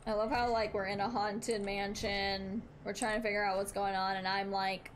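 A woman's voice: medium pitch, measured pace, fairly bright tone, a little hiss or hum. A young woman streaming a game, chatting with her viewers, swearing freely and reading in-game text aloud. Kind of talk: live gameplay commentary.

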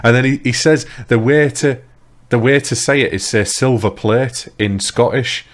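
A man co-hosting a casual gaming podcast, telling stories in a rambling, animated way. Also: medium pitch, moderate pace. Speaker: podcast co-host. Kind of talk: casual chat.

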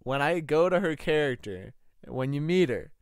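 A man's voice: on the high side, lively intonation, moderate pace, clear, resonant tone, no echo, studio quality. A man running a tabletop game, chatting casually and describing scenes in a joking, rambling way full of fillers. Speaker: game master.

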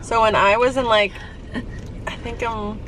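A woman's voice: a little high, fairly even intonation, a little slow, fairly bright tone, a little hiss or hum, low-quality recording. A young woman chatting casually with a friend, laid-back and teasing, laughing often. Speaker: friend of the vlogger. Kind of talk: casual chat.

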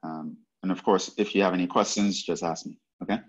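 In this university lecture, a low-voiced man teaches math at a fairly quick clip with fairly even intonation, and the audio is dull. He walks through each step, goes over points again, and often asks "right?"

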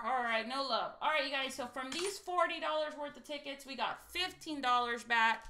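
A woman from Texas hosting a casual lottery scratch-off livestream, chatty and excitable and talking straight to her viewers. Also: sits high, normal speed, hardly any pauses. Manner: chatty and excitable, keeps saying "you guys".

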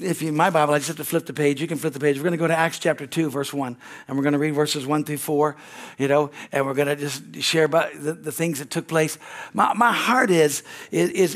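A middle-aged American pastor preaching a sermon, with frequent amens and hallelujahs. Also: male voice, on the high side. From United States. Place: church sanctuary.

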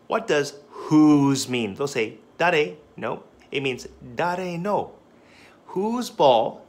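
A man who teaches English, explaining a flashcard lesson plan with clear, deliberate enunciation and a patient teaching tone, switching between English and Japanese phrases. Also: mid-range voice, echoey room, far from the mic.

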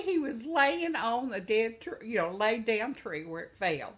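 A woman's voice: a little high, lively intonation, unhurried, few pauses. An older woman spinning homespun anecdotes for her followers. She rambles from one aside to the next and keeps laughing at her own tales as she goes. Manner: laughs often while telling stories. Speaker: vlogger. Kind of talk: casual storytelling.

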